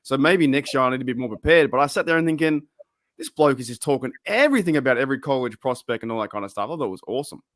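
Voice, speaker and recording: A man's voice: mid-range voice, animated, rapid-fire, fairly bright tone, dry recording, clean studio sound. A man with an Australian accent hosting a podcast in loose, rambling casual chat, full of restarts. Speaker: podcast host.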